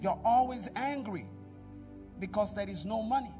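High-voiced pastor preaching. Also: male voice, moderate pace, distant mic, music in the background. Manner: preaching with call-and-response to the congregation; swings between loud exhortation and quiet asides. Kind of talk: sermon. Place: church.

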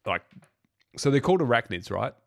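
A man's voice: mid-range voice, sing-song, a little fast, vocal fry. A man co-hosting a podcast, laid-back and blunt, mocking a film's plot holes in casual chat. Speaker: podcast co-host. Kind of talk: casual film review chat.

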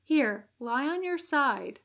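A woman voicing a fussy male angel who coaxes and reassures gently. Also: sits high, expressive, slow pace, voice pushed up, exaggerated voice. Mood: coaxing. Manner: coaxing, gently bossy.

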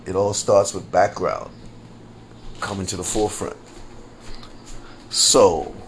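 A man with a fairly low, gravelly voice hosts a solo podcast, with a little hiss or hum in the audio. He rambles, repeats phrases, and chuckles at his own asides in a slangy, conversational way.

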